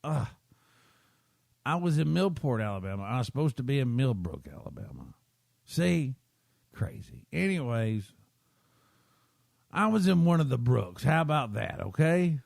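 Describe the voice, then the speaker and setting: A man's voice: mid-range voice, big pitch swings, a little slow, creaky, long pauses, darkish tone, no echo, studio quality. A man, hosting a podcast and rambling through a self-deprecating story while checking in with his listeners. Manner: chatty, keeps checking in with listeners. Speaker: podcast host.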